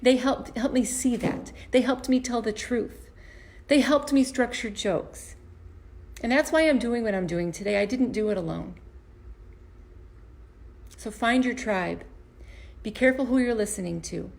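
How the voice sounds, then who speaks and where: A woman's voice: on the high side, measured pace, gravelly, pauses often, a little mellow. A woman, an empowerment coach and comedian, giving a motivational talk to camera from her home basement, earnest and storytelling, often restarting and repeating words. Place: home basement performance space.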